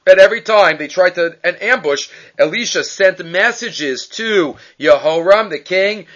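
A man teaches a casual Bible class, his voice bright and a touch higher than most. He mixes Hebrew words into English and acts out the characters' lines. The recording is dull and lo-fi. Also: moderate pace, few pauses. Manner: lively storytelling, acting out quoted lines. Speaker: Torah teacher. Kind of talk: informal Bible class retelling.

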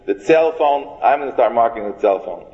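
A man's voice: medium pitch, expressive, a little fast. A man giving a Torah lecture to a live audience in a folksy, joking way, restarting phrases and mixing in Hebrew and Yiddish words. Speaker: rabbi teaching a class. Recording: dull, reverberant hall recording.

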